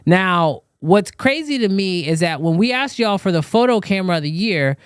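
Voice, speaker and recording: A man's voice: high voice, animated, normal speed, smooth, no echo, studio quality. A man hosting a live show, talking loosely and chatting straight to his viewers. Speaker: show host. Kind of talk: casual live-stream chat.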